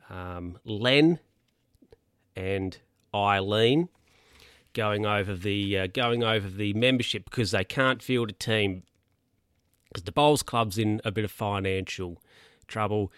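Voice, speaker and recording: A man's voice: on the low side, a bit bright, smooth, no echo, clean studio sound. A man casually recapping a film, rambling with lots of fillers and asides.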